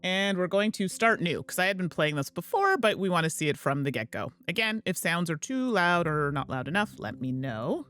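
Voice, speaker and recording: A woman's voice: lowish voice, sing-song, moderate pace, few pauses, a bit bright, dry recording. A woman hosting a gameplay livestream, chatting in a rambling way and laughing easily. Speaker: host and streamer. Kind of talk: casual gameplay livestream chat.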